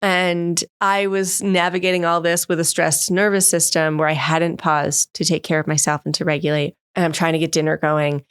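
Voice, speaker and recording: A woman in her thirties, a guest expert, telling stories in an animated way in a podcast interview and acting out the voices she quotes. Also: sits low, moderate pace, hardly any pauses, clean tone, dry recording, studio quality. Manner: animated storyteller who acts out quoted voices. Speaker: guest expert on emotional development.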